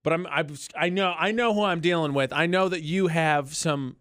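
Man radio host, lively storyteller. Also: on the high side, normal speed, clean tone, no echo, clean studio sound. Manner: storytelling, laughs often, animated. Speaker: radio morning show host. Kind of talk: casual radio banter. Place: radio studio. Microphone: studio microphone.

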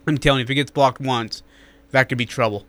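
A man's voice: medium pitch, fairly even intonation, fast, a bit bright, no room sound. A man co-hosting a sports radio show, rambling and joking in casual talk.

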